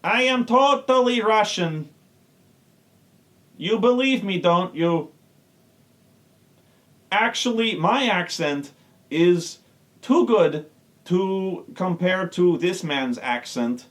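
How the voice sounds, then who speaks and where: A man's voice: high voice, lively intonation, slow, long pauses. A man voicing a man who fakes a bad Russian accent, mock-serious and exaggerated.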